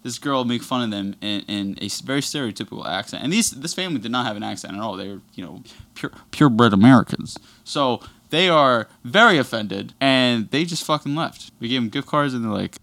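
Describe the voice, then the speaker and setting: A man's voice: medium pitch, lively intonation, a little fast, creaky, fairly bright tone. A young man telling a long, rambling story in casual podcast chat, swearing constantly.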